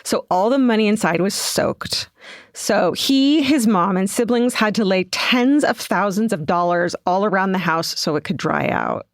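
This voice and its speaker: A woman's voice: medium pitch, animated, unhurried, dry recording, clean studio sound. A woman co-hosting a podcast, chatting casually and reading a listener's letter aloud with amusement. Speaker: podcast co-host.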